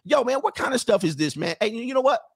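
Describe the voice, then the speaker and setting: A man's voice: very high voice, sing-song, quick pace, gravelly, voice pushed up, heavily acted. A man voicing a brash young man at a club, slangy and indignant, saying "man" a lot.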